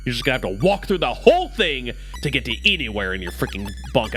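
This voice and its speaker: A male streamer reads a space game aloud and riffs on it, his voice bright and sharp with lively, leaping pitch. He jokes constantly and sounds animated. Soft game music plays faintly behind. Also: fast talker. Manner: animated, joking, breaks into laughs. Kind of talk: reading a visual novel game aloud with commentary.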